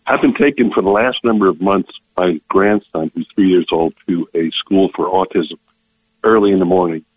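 An older man calling in to a radio show, telling his story haltingly and tearing up as he speaks. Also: sits low, breathy edge, no room sound. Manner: halting, emotional, many restarts. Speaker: caller. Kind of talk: call-in testimony. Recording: tinny phone line.

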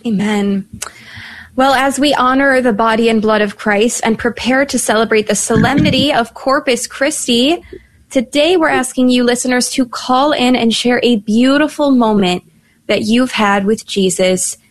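A young woman hosting a live Catholic radio talk show, chatty, laughing at times, reading phone numbers slowly. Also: fairly high pitch.

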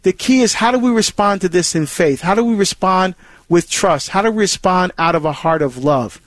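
This man's high voice moves at a moderate pace, recorded with no echo, as he hosts a Catholic call-in radio program on scripture. He talks about faith with earnestness, often restarting and repeating.

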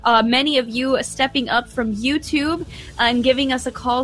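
Bright-voiced woman hosting talk radio. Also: sits high, fairly even intonation, moderate pace, soft background music. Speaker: radio show host.

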